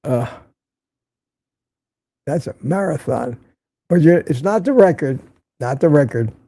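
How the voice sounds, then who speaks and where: An older man with a gravelly, fairly high voice hosts a relaxed livestream, greeting viewers by name and ribbing them in a chatty way. His tone is mellow and the sound is dry and close. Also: measured pace, dry recording. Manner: reads viewer comments aloud, teasing and chatty. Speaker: livestream host. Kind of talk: casual livestream chat. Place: home in Florida.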